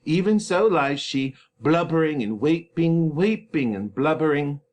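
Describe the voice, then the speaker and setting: Man putting on a fussy old nurse woman, high voiced, wailing and pleading, swooping lines. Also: expressive, unhurried. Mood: lamenting.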